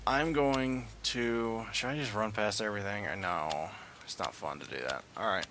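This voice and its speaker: A man's voice: lowish voice, moderate pace, background noise. A man giving casual gameplay commentary, rambling with joking asides and correcting himself as he goes. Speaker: let's play commentator.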